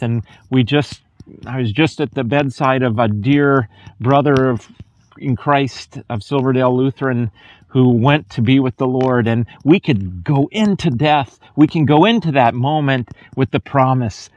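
A middle-aged male pastor preaches in an earnest, conversational way, leaning into key words with sudden lifts. His voice sits at a middle pitch, and the recording is dry and close with little room sound. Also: no echo, lo-fi sound. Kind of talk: sermon.

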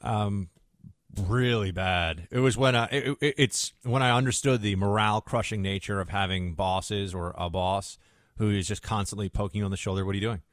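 A man's voice: fairly low pitch, moderate pace, no echo, clean studio sound. Chatty, sarcastic male radio host. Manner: chatty, sarcastic, rambling asides. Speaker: radio talk show host. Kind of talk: casual radio monologue.

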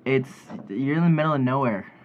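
Laid-back young male co-host, mid-pitched voice, dull lo-fi recording. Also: expressive, a little fast, slight background noise. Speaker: podcast co-host. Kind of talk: casual chat.

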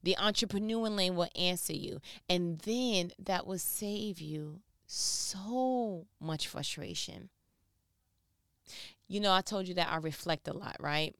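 A woman's voice: on the low side, takes it slowly, a bit bright, clear, resonant tone, no room sound, clean studio sound. A woman giving a casual, joking devotional talk, speaking straight to the listener. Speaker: Bible teacher.

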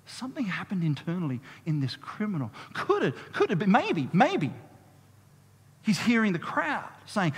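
A man preaching a sermon as a pastor, in a lively, conversational way, drawing the congregation into call-and-response. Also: sits high, normal speed, breathy edge. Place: church hall. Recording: long reverb of a church hall.

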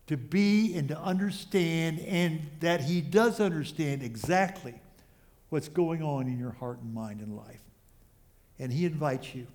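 A man preaching a sermon as a pastor, earnest and pausing often with small restarts. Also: on the high side, darkish tone.

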